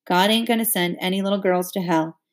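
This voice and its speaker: Gruff rural father, read by a woman. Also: sits high, steady tone, fairly quick, lightly acted. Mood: blunt. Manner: blunt, folksy speech.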